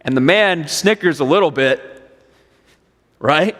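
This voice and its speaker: High-voiced preacher in a reverberant church. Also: male voice, animated, measured pace, a bit bright. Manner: dramatic retelling with repeated phrases. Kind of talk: sermon storytelling. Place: church sanctuary. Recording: long church hall reverb.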